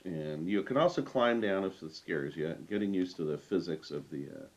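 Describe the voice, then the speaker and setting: A man hosting a game walkthrough, explaining step by step in a relaxed, casual way with frequent fillers. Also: low voice, normal speed, muffled recording. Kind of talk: casual let's-play commentary.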